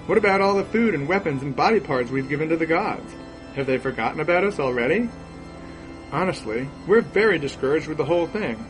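A man's voice: medium pitch, lively intonation, a little fast, a bit bright, soft background music, close to an everyday voice, low-quality recording. A man voicing a plainspoken ape-man tribe that complains in a raised, plaintive way in a storybook reading. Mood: complaining.

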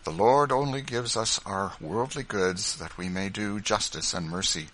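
A man voicing a grave and kindly Quaker father in a storybook reading, steady and firm in his speech. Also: on the low side, a little slow, low-quality recording.

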